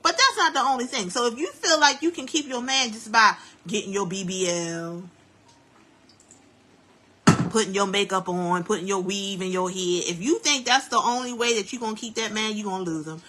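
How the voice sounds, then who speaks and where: A woman hosting a live stream from home while doing hair, giving chatty, preachy life advice in a lively, down-to-earth way. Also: medium pitch, moderate pace. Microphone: phone live stream.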